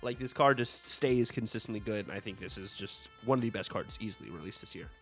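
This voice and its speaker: A man hosting a casual chat, talking enthusiastically and quickly with casual fillers. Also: fairly low pitch, faint music behind. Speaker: host.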